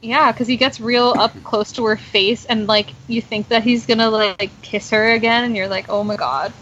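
A woman's voice: fairly high pitch, steady tone, normal speed, a bit bright. A young woman hosting a podcast, recapping a TV episode in casual chat with lots of fillers. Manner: chatty, lots of "like" and "um". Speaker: podcast host. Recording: dull lo-fi sound with faint noise.

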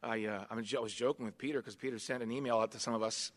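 A man in his fifties preaching a sermon, swinging from quiet asides to loud, emphatic passages. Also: medium pitch, steady tone, rapid-fire. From United States. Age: 50s. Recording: long hall reverb.

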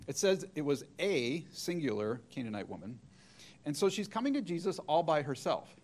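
A middle-aged male preacher delivers a sermon with a voice a touch higher than most men's. He tells the story step by step and slips into the voices of the people he quotes. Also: darkish tone.

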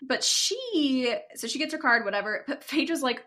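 A young woman co-hosts a casual recap podcast. Her voice sits fairly high and bright, swinging widely in pitch as she laughs and slips into little impressions of the people she talks about. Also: moderate pace. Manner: animated, laughing, mimics people in quotes. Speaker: podcast co-host.

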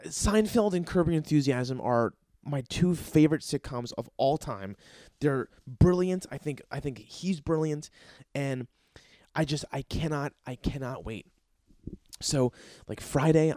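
A man's voice: mid-range voice, moderate pace, dry recording, clean studio sound. A young man hosting a comedy podcast, telling a story in a casual, profane and rambling way. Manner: excitable, profane, rambling with restarts. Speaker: podcast host and aspiring comedian.

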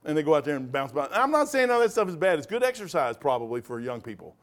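A man teaches a Bible study in a rambling, sermon-like way, animated and prone to laughing, digressing and sudden loud bursts. His voice is on the high side, and he speaks fast.

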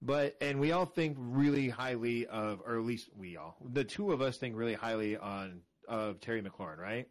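A man's voice: mid-range voice, normal speed, few pauses. A man co-hosting a casual fantasy football podcast, rambling and correcting himself as he walks through numbers, a little tired. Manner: rambling, self-correcting, talks through stats. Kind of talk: casual chat.

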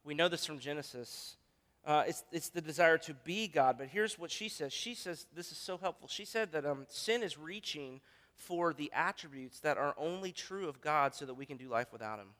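A male pastor delivers an earnest sermon, often restarting his phrases as he works through an idea. His voice is bright and sits fairly high for a man. The sound rings with the long reverb of a large hall. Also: animated, normal speed. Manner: earnest, thinks aloud with restarts.

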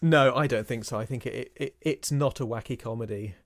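Male co-host, mid-pitched, lively opinionated film chat. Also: fairly quick. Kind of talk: casual film discussion.

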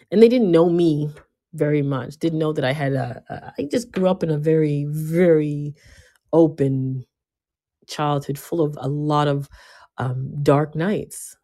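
A woman giving a casual motivational talk, emphatic and given to repeating herself, swinging between loud bursts and quiet asides. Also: sits low. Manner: emphatic, often repeating and restarting words. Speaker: speaker giving a self-help talk.

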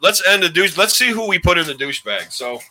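Over background noise, a man in his forties talks fast in a high-pitched, very animated voice while hosting a podcast. He rambles casually through old stories, laughing along the way.

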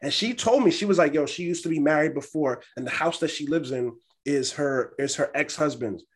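His voice runs on the high side, fairly quick and slightly rough. As a young podcast co-host in casual chat, he spins stories and animatedly performs other people's lines.

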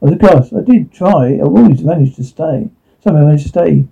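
Gravelly man on a tinny line. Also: fairly high pitch, lively intonation, fast talker. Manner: rueful, self-deprecating. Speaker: narrator. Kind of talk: first-person storytelling.

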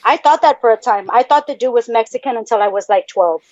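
A woman's voice: fairly high pitch, quick pace, a little mellow, no room sound, dull audio. A woman co-hosting a podcast in casual chat, laughing often and swearing freely. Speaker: podcast co-host.

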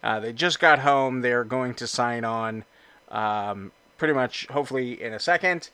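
A man's voice: medium pitch, normal speed, sharp tone, smooth, dry recording. A man hosting a podcast in casual, upbeat chat with plenty of fillers. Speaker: podcast host.

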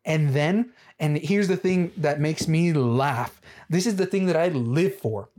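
A man giving excitable music reaction commentary, laughing often and repeating phrases for emphasis. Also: fairly high pitch, a little slow. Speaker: video creator.

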